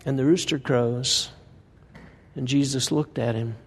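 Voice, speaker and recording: A man's mid-range, slightly rough voice carries a steady tone at a measured pace as he gives a conversational sermon. Reading from scripture, he frequently asks his listeners rhetorical questions, with the church sanctuary echoing around him.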